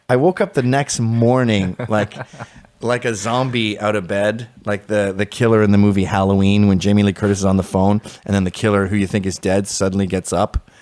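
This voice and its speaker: A man's voice: lowish voice, moderate pace, no room sound. Sardonic man telling a funny story. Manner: exasperated, sardonic, animated. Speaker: podcast host telling a story. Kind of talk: comedic storytelling, casual chat.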